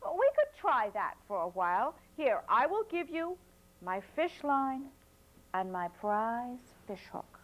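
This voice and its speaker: A man's voice: extremely high pitch, sing-song, slow pace, pitched above the performer's own voice, full character voice, rough recording. A storyteller voicing a sly, boastful fisherman in a folk tale, drawling as he fibs about his catch. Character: sly boastful fisherman brother, adult man.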